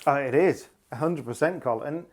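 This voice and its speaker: A man's voice: fairly high pitch, brisk. Chatty man co-hosting rally news. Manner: chatty, jokey, wordy storyteller. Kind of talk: casual chat.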